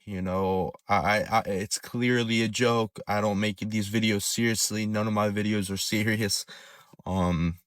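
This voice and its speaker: Halting low-voiced man, dry sound. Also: fairly even intonation, smooth, no echo. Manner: halting, hesitant, repeating words. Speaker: content creator. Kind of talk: casual vlog confession.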